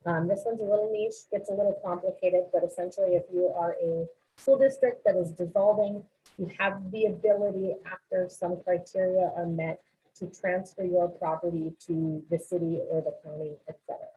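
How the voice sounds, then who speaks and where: A woman's voice: fairly low pitch, steady tone, normal speed, mellow. Woman on a tinny webinar line. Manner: businesslike, frequent ums and uhs. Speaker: presenter at a school boards association webinar. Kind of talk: legislative recap presentation. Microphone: online webinar call. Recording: tinny phone-like webinar audio.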